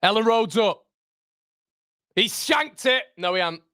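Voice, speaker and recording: A young man reacting live to a football match for his fan channel, swinging from groans to excited shouts. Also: very high voice, moderate pace, dry recording, studio quality.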